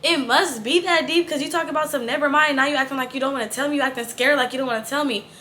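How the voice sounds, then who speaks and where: A woman quoting a pushy, insistent female coworker in her own high voice. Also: rapid-fire, bright, forceful tone, a little hiss or hum. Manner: insistent, pressing.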